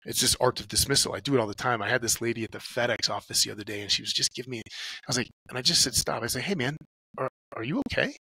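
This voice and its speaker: A man talks casually as a podcast guest. He acts out little inner dialogues and swears freely as he tells stories. His voice is bright and forceful, and the sound is dry, with no room echo. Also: mid-range voice, fairly even intonation, rapid-fire, husky. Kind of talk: casual conversational talk.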